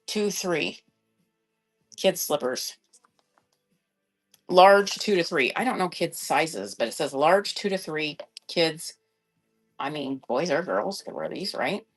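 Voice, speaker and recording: A woman's voice: sits low, expressive, slow pace, pauses often, faint music behind. Chatty woman selling live online. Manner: chatty, rambling, thinks aloud while checking sizes. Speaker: online reseller selling on a live shopping app. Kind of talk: casual live-stream selling chat.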